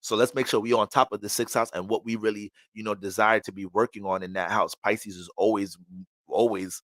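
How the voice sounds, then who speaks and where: A man's voice: fairly low pitch, fairly even intonation, brisk, fairly bright tone, no room sound. Blunt, profane man reading astrology. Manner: blunt, profane, streetwise slang. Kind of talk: casual astrology reading monologue.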